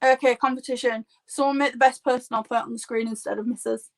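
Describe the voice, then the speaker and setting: Chatty high-voiced Yorkshire woman. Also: fairly even intonation, fast talker. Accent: Yorkshire English. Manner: chatty and rambling, heavy use of "like". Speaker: makeup artist. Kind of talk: casual live-stream chat.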